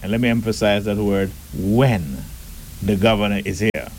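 A man giving a deliberate, emphatic public address and asking rhetorical questions. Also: fairly low pitch, level tone, slight background noise, poor audio. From Turks and Caicos Islands.

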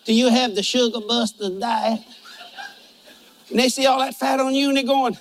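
A man's voice: very high-pitched, flat delivery, moderate pace, pauses often, slight background noise. An older man preaching a humorous sermon in a folksy, joking, storytelling way.

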